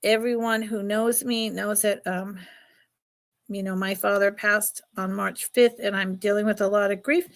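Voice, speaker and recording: A woman's voice: medium pitch, steady tone, a little slow. A middle-aged woman hosting a casual live jewelry sale, chatty and emotional, often laughing. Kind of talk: casual live stream selling.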